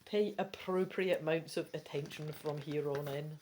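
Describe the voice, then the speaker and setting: A woman with a Scottish accent reading a gamebook aloud, breaking off into chatty, quick asides. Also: deep voice, fairly even intonation, a little mellow, slight background noise. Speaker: gamebook reader. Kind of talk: casual read-through with chatty asides.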